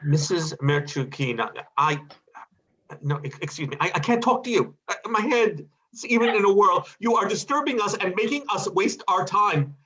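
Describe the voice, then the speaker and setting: A man's voice: sits high, animated, moderate pace, sharp tone, a little hiss or hum, rough recording. A man voicing a flustered, pompous bank chairman in a stage play reading, stammering over his words.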